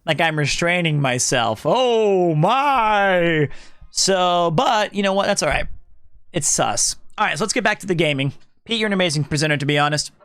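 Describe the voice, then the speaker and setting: A man hosting a casual live stream, reading chat aloud in a loud, projecting, animated way. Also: high-pitched, normal speed, no echo.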